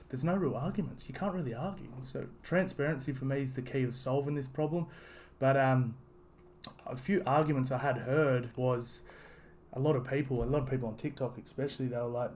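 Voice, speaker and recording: A man's voice: mid-range voice, fairly even intonation, fairly quick, darkish tone, slight background noise. A man giving a casual, rambling opinion monologue, full of restarts and "you know"s. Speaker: sports commentary vlogger.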